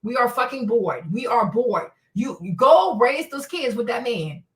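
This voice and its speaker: A woman's voice: a little high, sing-song, a little slow, recorded from a distance. Sassy, profane woman ranting on livestream. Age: 40s. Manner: blunt, profane, sassy, laughing often. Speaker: livestream host. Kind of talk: unscripted livestream rant.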